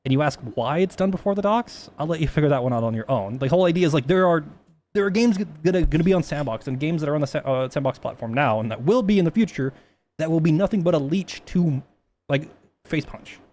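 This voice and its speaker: A man's voice: fairly high pitch, lively intonation, quick pace, a little mellow, a little hiss or hum. A man talking casually on a stream, rambling with many restarts and plenty of swearing.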